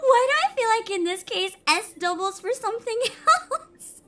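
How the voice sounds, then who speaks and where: A woman's voice: extremely high pitch, brisk, very noisy. A woman hosting a live stream, chatting casually and giggling often. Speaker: streamer host.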